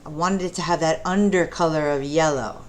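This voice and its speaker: This woman has a deep voice and talks at a normal speed. She teaches preschoolers an art lesson, warmly encouraging them, walking through each step and posing questions.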